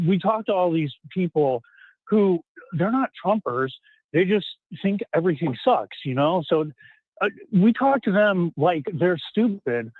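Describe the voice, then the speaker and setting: A man's voice: on the high side, no room sound. Tinny phone caller from Texas, earnest man. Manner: earnest, rambling, halting with restarts. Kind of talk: call-in talk. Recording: tinny phone line, dry.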